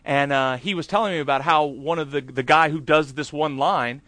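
A man's voice: a little high, normal speed, fairly bright tone, dry recording, voice pushed down, natural voice. A coaxing female agent, as a preacher quotes her. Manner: coaxing, selling an offer. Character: persuasive female talent agent, adult.

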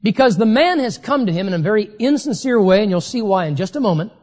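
A preacher delivers a sermon with emphatic conviction, dropping to a slow, deliberate pace to press home the key phrases. The voice rings out with a long reverb tail, as if recorded in a large hall. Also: mid-range voice, lively intonation, a little mellow.

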